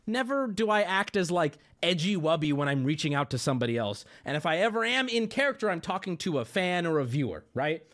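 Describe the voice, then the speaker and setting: A man's voice: a little high, big pitch swings, a little fast, few pauses, fairly bright tone. A man livestreaming an exasperated, profane and self-mocking rant to his viewers, breaking into bursts of laughter. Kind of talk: ranting stream monologue.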